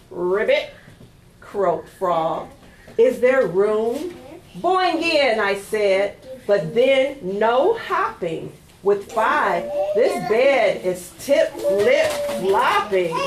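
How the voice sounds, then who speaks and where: Brief: librarian woman, slow and lively storytime reader, a bit high, roomy echo. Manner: sing-song, animated, coaxing kids to join in. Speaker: children's librarian. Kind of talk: storytime read-aloud. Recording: echoey room.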